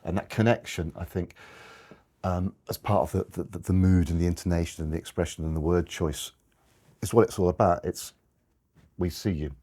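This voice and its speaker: Low dark-voiced guy presenting slides, husky, keeps restarting sentences. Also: steady tone, brisk. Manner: rambling, restarts, self-corrections. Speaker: guest copywriter giving a slide talk.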